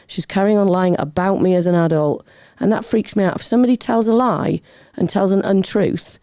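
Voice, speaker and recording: A middle-aged woman, a guest on a talk show, telling a personal story in a lively way, often acting out other people's voices and wandering off on tangents. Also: lowish voice, dry recording, clean studio sound. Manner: lively, acts out quoted voices, goes off on tangents. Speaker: podcast guest.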